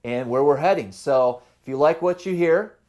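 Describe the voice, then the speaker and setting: A man's voice: a little high, normal speed. Casual rambling fishing vlogger, a man. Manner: rambling, relaxed storytelling with fillers. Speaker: fishing channel host. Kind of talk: casual vlog talk to camera.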